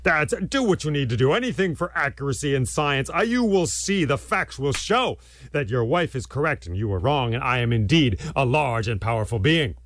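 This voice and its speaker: A man voicing a vain, boastful giant male python who speaks slowly and grandly. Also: medium pitch, sing-song, a bit bright. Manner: slow, boastful, self-satisfied.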